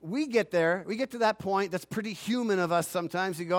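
A man pastor preaching a sermon, swinging from loud swells to quiet asides and acting out imagined voices. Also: high-pitched, fairly quick. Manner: acts out imagined phone calls in a grumbling aside voice.

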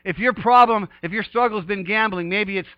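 Fervent high-voiced male preacher. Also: normal speed, dry recording, dull audio. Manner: fervent, swings from hushed to shouting praise. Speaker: pastor. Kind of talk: sermon.

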